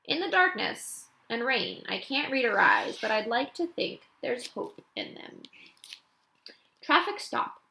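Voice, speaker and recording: A woman reads a children's novel aloud with an animated, expressive delivery. Her voice is bright with a creaky edge. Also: a little high, unhurried, slight background noise. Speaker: audiobook reader.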